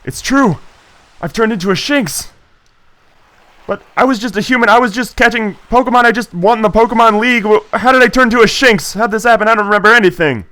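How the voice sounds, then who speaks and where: A man voicing a confused young hero who has turned into a small cub creature, talking alarmed and rushed. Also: sits high, bright, forceful tone, dry recording, voice pushed up. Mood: panicked.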